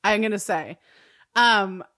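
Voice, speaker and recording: A woman's voice: medium pitch, slow, bright, forceful tone, dry recording, studio quality. A young adult woman co-hosting a podcast, chatting casually about a TV episode, laughing often and using many fillers. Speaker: podcast co-host. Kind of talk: casual chat recapping a TV episode.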